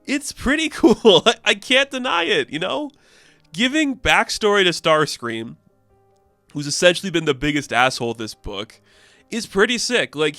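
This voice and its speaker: A man's voice: on the high side, sharp tone, dry recording. A young man casually recapping a comic book issue, rambling with fillers and laughs.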